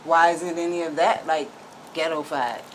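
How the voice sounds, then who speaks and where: A woman's voice: sits low, fairly even intonation, normal speed, noisy background. A woman, a co-host who questions and pushes back, hesitant as she starts her points.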